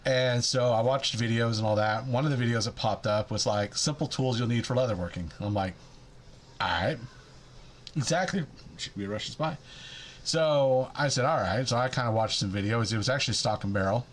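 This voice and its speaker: A man's voice: mid-range voice, fairly quick, slight background noise. A man chatting casually in a rambling, jokey, self-deprecating way about his leatherworking hobby. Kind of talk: casual chat.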